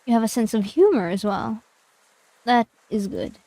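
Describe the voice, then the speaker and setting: A woman voicing a tall, poised female witch, speaking in a formal, measured and faintly mocking way while reading game dialogue aloud. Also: fairly high pitch, animated, mellow, no echo, low-quality recording. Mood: cool.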